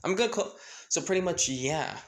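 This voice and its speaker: A man's voice: sits high, lively intonation, a little fast. Rambling young-sounding male storyteller. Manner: rambling, with restarts and filler phrases. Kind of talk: casual retelling of a fan story.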